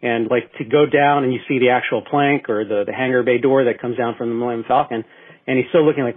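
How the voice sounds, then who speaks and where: A man's voice: medium pitch, fast, husky. A man co-hosting a casual talk show, telling a long story with lots of restarts and fillers. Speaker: podcast co-host. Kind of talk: casual chat. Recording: tinny phone-like internet radio sound.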